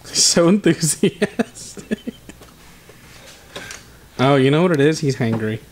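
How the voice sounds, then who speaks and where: A man's voice: mid-range voice, fast talker, darkish tone. A man co-hosting a garage vlog, teasing his partner in laid-back banter. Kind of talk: casual banter. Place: home garage.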